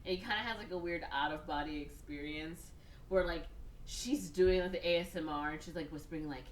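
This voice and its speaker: A woman's voice: on the low side, fairly quick, echoey room, slight background noise. A woman hosting a podcast, casually retelling a movie plot in a chatty way, filling her talk with "like". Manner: chatty, heavy use of "like", breaks into exaggerated voices for characters. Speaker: podcast host.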